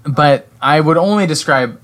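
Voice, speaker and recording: A man's voice: fairly high pitch, measured pace, a bit bright. A man co-hosting a casual chat, hesitant and searching for words, with many "like" and "um". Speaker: podcast co-host discussing a game.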